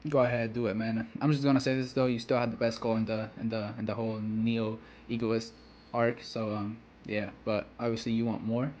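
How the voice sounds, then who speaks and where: A man's voice: on the low side, flat delivery, a little fast, darkish tone, dull audio, slight background noise. A man giving casual reaction commentary on a manga, rambling with slang, "you know" fillers and frequent restarts.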